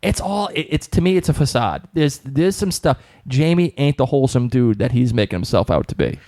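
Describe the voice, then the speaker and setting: A young man co-hosting a podcast in casual chat, excitable and slangy, often tripping over his words. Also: mid-range voice, a little fast, dry recording, studio quality. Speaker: podcast co-host.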